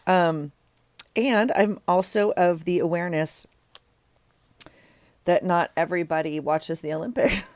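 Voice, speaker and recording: This journaling vlogger, a middle-aged woman, has a fairly low, slightly mellow voice and speaks unhurriedly with frequent pauses. She rambles with self-deprecating remarks as she crafts, recorded with no room sound.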